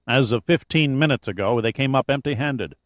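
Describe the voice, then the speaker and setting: A man reading an audiobook, voicing a stern, gruff older male admiral who growls his lines. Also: mid-range voice, a little fast, no room sound, lightly acted.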